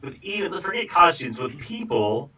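A man's voice: on the high side, big pitch swings, a little fast, bright, forceful tone, slightly rough, far from the mic, poor audio. A man hosting a faith podcast, thoughtfully framing questions with examples. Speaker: podcast host. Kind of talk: conversational interview.

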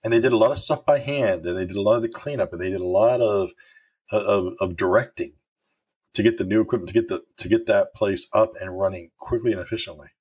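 A man's voice: fairly low pitch, quick pace, darkish tone, husky. A middle-aged man and former manager giving a candid motivational talk on leadership, telling stories and swearing now and then. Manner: candid and storytelling, with occasional swearing.

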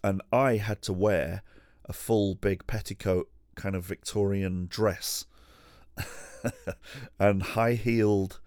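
A man with a deep, low-pitched voice tells a long story in a loose, rambling way, swearing freely, cutting himself off to restart, and making fun of himself. The recording is dry and close, with no room sound. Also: a little mellow, dry recording. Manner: rambling, sweary, self-deprecating, with frequent restarts and laughs. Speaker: podcast host. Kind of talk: casual storytelling monologue. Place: at home.

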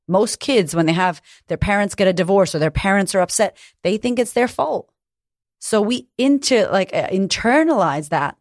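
Frank woman coach, low dry voice. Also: moderate pace, dry recording. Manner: frank and emphatic, swears freely. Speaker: coach running women's retreats. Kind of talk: candid motivational talk.

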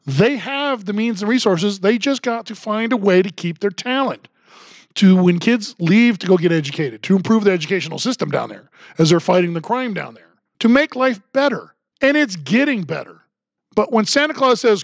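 Podcast host guy ranting, sarcastic, kinda high voice, dead dry mic. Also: lively intonation, moderate pace, no room sound. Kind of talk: political commentary.

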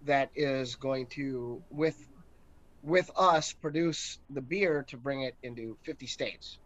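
A man appearing as a brewery co-founder guest in a casual interview, speaking hesitantly with many pauses and restarts. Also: medium pitch, a bit bright. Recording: dull, dry lo-fi sound.

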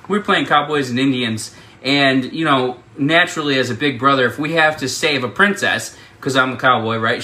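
A man's voice: medium pitch, bright, forceful tone. A man leading a ministry, telling a funny childhood story with laughs and fillers, then making a donation appeal. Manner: chatty, laughs often, many fillers. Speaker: ministry leader.

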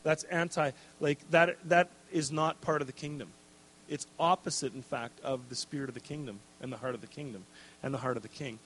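A middle-aged man and pastor preaching a sermon, telling a personal story in an animated, casual way with many fillers. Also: mid-range voice, a little fast, breathy edge.

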